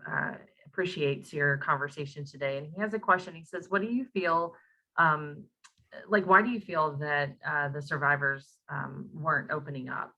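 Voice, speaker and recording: A woman's voice: deep voice, moderate pace, sharp tone, low-quality recording. A woman hosting an online talk, reading out audience questions in a conversational way with many fillers. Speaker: host, moderator.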